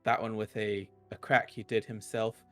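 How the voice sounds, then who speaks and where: During casual tabletop play, this player describes what his character does, hesitating and filling gaps with filler words. He has a lowish, fairly bright voice with a level tone at normal speed, over faint background music.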